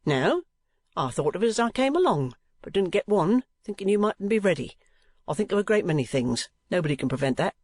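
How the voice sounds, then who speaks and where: A man reading an audiobook, voicing a curt, gruff, eccentric old clerk who speaks abruptly. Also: high-pitched, sing-song, a little fast, dry recording, clean studio sound, voice pushed up.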